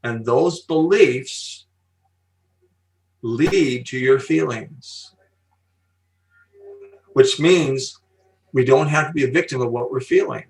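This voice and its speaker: An older man, a guest speaker on psychology, telling stories and explaining ideas slowly and emphatically in an interview. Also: mid-range voice, recorded from a distance, rough recording. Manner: emphatic, slow deliberate pauses, storytelling. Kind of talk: podcast interview.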